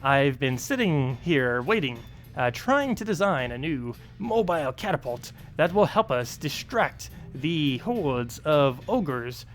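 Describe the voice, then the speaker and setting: A man voicing a male dwarf engineer in a video game, speaking in a put-on brogue with a slow, halting delivery full of pauses. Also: fairly high pitch, sing-song, faint music behind. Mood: hearty. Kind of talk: streamer reading game dialogue aloud.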